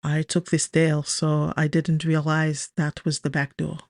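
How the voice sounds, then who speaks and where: A woman reading the lines of a charming, polite French man with a raspy, silky voice in an audiobook. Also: deep voice, monotone, unhurried, no room sound, studio quality. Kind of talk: audiobook character dialogue.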